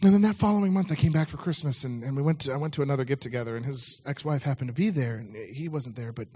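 A man's voice: mid-range voice, quick pace, a little mellow, breathy edge. A man preaching a sermon, telling a story in a conversational way with frequent restarts.

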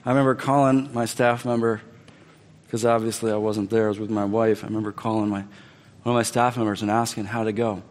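A man's voice: fairly low pitch, fast. Guy preaching a sermon, telling a story and acting out the voices, big echoey hall. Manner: storytelling, acting out dialogue with lively swings from loud to quiet. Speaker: pastor. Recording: long reverb of a large hall.

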